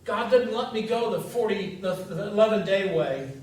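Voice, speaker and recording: Pastor with a fairly high voice, storytelling sermon, dramatic pauses, recorded from far back in a very echoey sanctuary. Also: male voice, a little mellow. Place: church sanctuary. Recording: echoey church from a distance.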